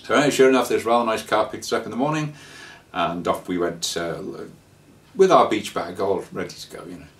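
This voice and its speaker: A man telling a casual travel anecdote, rambling and halting with fillers and restarts. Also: fairly low pitch, lively intonation, far from the mic. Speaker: traveller sharing scam warnings.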